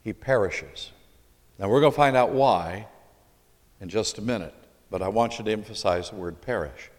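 A man's voice: lowish voice, moderate pace. A man from Michigan, preaching a sermon and putting questions to his congregation. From Michigan, USA. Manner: emphatic, puts questions to the congregation. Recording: long hall reverb.

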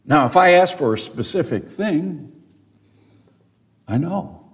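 A male pastor preaching a sermon in an unhurried, deliberate way. His voice has a gravelly edge, and his pitch swings widely as he tells stories and rises to emphatic peaks while speaking straight to his congregation. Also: animated. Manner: addresses the congregation directly, with storytelling asides.

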